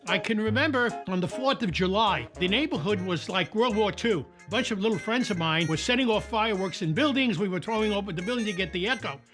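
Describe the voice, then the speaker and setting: Old New man, lively anecdotal storyteller, high voice, soft music underneath. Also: fast, few pauses. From New York. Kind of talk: documentary interview.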